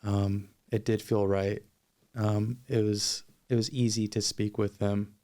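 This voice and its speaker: A man guest on a podcast, telling a personal story in a measured, thoughtful, sincere way. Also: on the low side, level tone, mellow.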